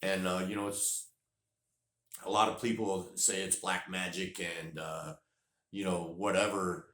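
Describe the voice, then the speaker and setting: A North Carolina vlogger with a low voice tells a rambling, folksy story in a casual way, unhurried and repeating words when he gets excited. The room is echoey.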